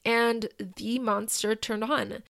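Gravelly-voiced woman telling a story. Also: a little high, steady tone, slow, a bit bright. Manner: chatty, many fillers, acts out quoted voices. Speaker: podcast host. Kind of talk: casual storytelling.

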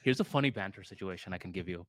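A man's voice: low-pitched, lively intonation, very fast, dry recording. A man co-hosting a podcast in casual chat, laid-back and slangy, retelling scenes with little voices. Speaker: podcast co-host.

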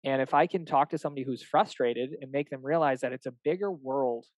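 A man's voice: mid-range voice, fairly quick, no echo, poor audio. A young adult man, a fitness coach, chatting casually and animatedly, acting out little dialogues with clients and swearing now and then. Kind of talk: casual podcast chat.

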